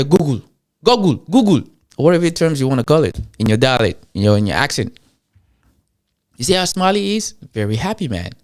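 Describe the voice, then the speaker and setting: Animated man ranting with an African accent. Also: fairly high pitch. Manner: rhetorical questions, asks the audience, emphatic. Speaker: show host.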